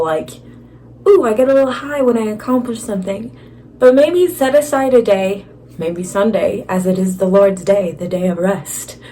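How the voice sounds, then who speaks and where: A woman's voice: a little high, a little mellow, a little hiss or hum. A young woman talking to camera in a chatty, casual advice vlog, with lots of filler words and self-deprecating asides. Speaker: vlogger.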